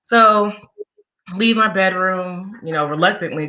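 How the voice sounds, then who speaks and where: A woman shares a personal story in an interview, speaking candidly and conversationally with the occasional wry aside. Her voice has a bright, forceful quality. The recording sounds dull and lo-fi. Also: fairly low pitch, moderate pace. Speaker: guest sharing a personal story.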